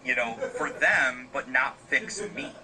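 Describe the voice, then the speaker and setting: A man's voice: medium pitch, measured pace, lightly acted, low-quality recording. A man voicing a young outcast village boy who pleads and stammers, with crowd noise behind. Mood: pleading.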